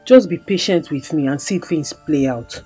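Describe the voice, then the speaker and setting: A woman's voice: sits low, normal speed, dark tone, breathy edge, soft background music. An actress with a Nigerian accent playing a young woman in love who defends herself to her mother, insistent and repeating herself. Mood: defiant. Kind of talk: film drama acting.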